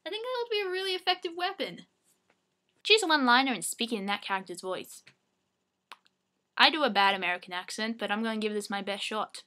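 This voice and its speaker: A woman's voice: on the high side, expressive, fast talker, long pauses, sharp tone. A young Australian woman casually answering fan questions at home into her webcam mic, chatty and self-mocking. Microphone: webcam microphone.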